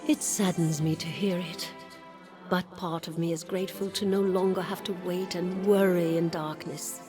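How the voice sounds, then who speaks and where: A woman voicing a mournful female castle steward in a fantasy game, speaking in measured, formal sentences. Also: lowish voice, steady tone, lightly acted. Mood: solemn. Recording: game audio with music underneath.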